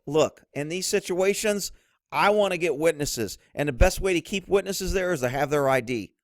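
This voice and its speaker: A man's voice: normal speed, dry recording, clean studio sound. A middle-aged man, a former police officer, giving blunt, instructive commentary over police footage. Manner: blunt, instructive, drops low to mimic others.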